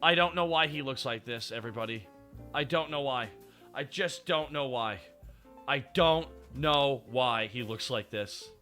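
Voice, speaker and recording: A man hosting a stream, casual and excitable, swearing a lot and laughing often. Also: medium pitch, measured pace, faint music behind. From Canada. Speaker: streamer host.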